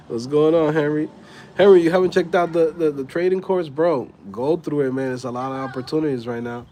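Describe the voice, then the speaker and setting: A man's voice: on the high side, normal speed, long pauses, warm tone, a little hiss or hum. A man in his thirties hosting a casual livestream, talking in laid-back slang and laughing often. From Dominican heritage. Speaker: livestream host.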